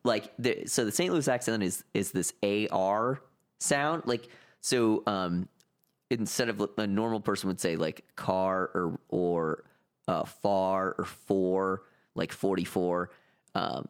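A man's voice: lowish voice, slow pace. A man with a Western New York accent, telling a story in casual podcast chat, full of filler words.

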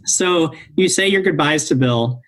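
A man's voice: fairly high pitch, a little slow, poor audio. A man narrating as game master of a tabletop role-playing game, easygoing, with fillers and laughs. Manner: relaxed storytelling with fillers and laughs.

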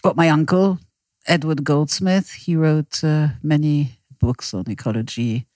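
A woman's voice: low voice, measured pace, no room sound. A middle-aged woman with a French accent, a resort owner talking casually as a guest, laughing often and joking about herself. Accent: French-tinged. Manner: laughs often, warm and self-deprecating. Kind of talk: casual interview chat.

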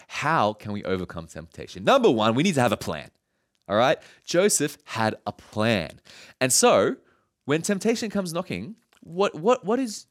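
A man preaching a sermon, retelling a story in an animated way with jokes and chuckles. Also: a little high. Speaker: pastor.

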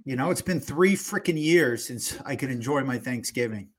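A man's voice: medium pitch, animated, normal speed. A man co-hosting a casual sports podcast, blunt and ribbing, swearing freely. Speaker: podcast co-host.

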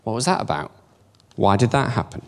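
A man's voice: fairly low pitch, sing-song, brisk, gravelly, a little mellow. A man in his fifties giving an informal, conversational talk in a church, self-deprecating and asking the audience questions. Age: 50s. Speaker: church speaker.

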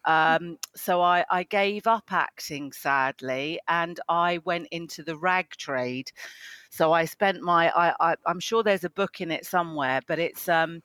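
A man's voice: fairly high pitch, a little slow, pushed and bright, clear, resonant tone, no echo. A man, a psychotherapist telling his life story in a chatty, self-deprecating way as an interview guest. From England. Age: 50s. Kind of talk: interview conversation.

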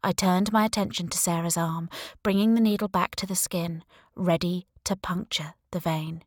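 A woman reading a first-person thriller audiobook, slow and deliberate with lively expression. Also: on the low side, dry recording, clean studio sound. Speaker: audiobook narrator. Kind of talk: scripted first-person narration.

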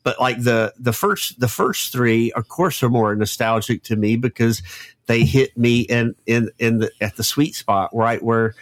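A man's voice: mid-range voice, no echo. Southern guy from florida in his 50s, podcast chat, keeps restarting his sentences, dry close sound. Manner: rambling, halting, many restarts. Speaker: podcast co-host. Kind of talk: casual chat.

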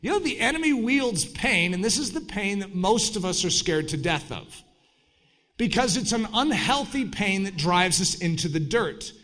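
Animated high-voiced male preacher. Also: moderate pace. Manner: animated, jumps into shouted mock voices. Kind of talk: sermon.

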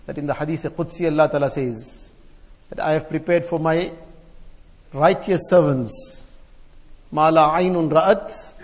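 Male preacher, high voice, measured rhythmic lists, long reverb of a large hall. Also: darkish tone. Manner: chants Arabic verses, then explains them; repeats phrases in rhythmic lists. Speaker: Islamic scholar giving a talk. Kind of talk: sermon.

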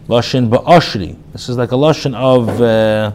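A rabbi giving a casual spoken class, reading phrases aloud and then explaining them in plain talk, with restarts and fillers. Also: male voice, medium pitch, a little slow, a little mellow, a little hiss or hum. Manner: reads Hebrew phrases then paraphrases them in English; frequent restarts and filler, conversational. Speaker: rabbi teaching a text class.

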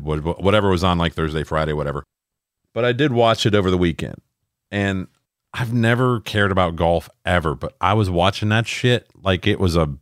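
Deep-voiced, profane man ranting. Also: no room sound, studio quality. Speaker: podcast co-host. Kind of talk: casual crude banter.

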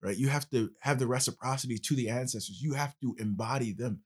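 A man's voice: medium pitch, fast talker, slightly rough. A male podcast host in casual conversation, explaining at length with passion.

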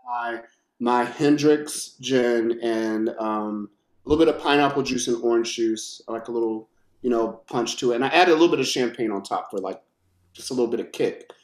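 A man co-hosting a podcast in a relaxed, laid-back way. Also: medium pitch, moderate pace. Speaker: podcast co-host. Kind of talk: casual podcast chat. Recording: roomy echo.

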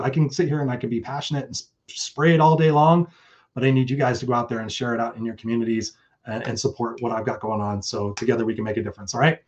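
A man's voice: mid-range voice, a little mellow, dull audio. A man hosting his own live stream, talking casually and effusively with some swearing, and reading out chat comments. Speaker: host.

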